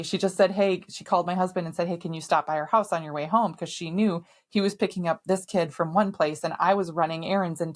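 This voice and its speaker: Woman, middle-aged, podcast host, candid personal storytelling, emphatic, somewhat low voice. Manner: candid, emphatic, swears now and then.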